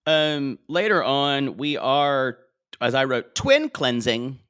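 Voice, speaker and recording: A man co-hosting a casual podcast, his pitch swinging widely as he jokes, often trailing off and starting his sentences over. The sound is dry and close, with no room echo. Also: big pitch swings, slow, a bit bright, clear, resonant tone. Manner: loose, jokey, trails off and restarts. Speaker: podcast co-host. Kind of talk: casual recap chat.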